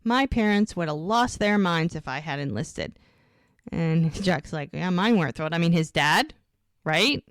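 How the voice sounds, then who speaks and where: A woman's voice: on the low side, measured pace, dry recording. Woman podcaster chatting, acts out every line, dry close sound. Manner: animated retelling, acting out lines of dialogue. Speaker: podcast co-host recapping episodes. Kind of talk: casual chat.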